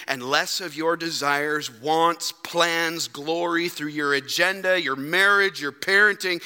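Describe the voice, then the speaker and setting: Pastor, male, high bright voice, earnest emphatic preaching; church hall reverb. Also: measured pace, clear, resonant tone. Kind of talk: sermon. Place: church sanctuary.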